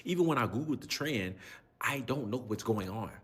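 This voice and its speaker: Young coach, husky voice, lively pitch swings, exasperated slangy storyteller. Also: male voice, normal speed. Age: 20s. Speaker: youth coach. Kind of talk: storytelling in casual chat.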